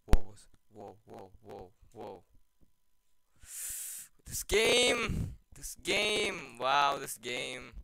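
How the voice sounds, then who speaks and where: A man giving jumpy, excitable commentary while playing a horror game, often dropping to hushed, nervous mutters. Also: medium pitch, extremely slow, vocal fry, slight background noise, poor audio. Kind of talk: let's play commentary.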